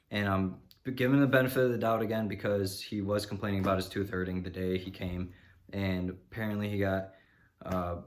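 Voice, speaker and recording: A man vlogger telling a story in a rambling, casual way, frustrated and peppering his talk with "you know". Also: on the low side.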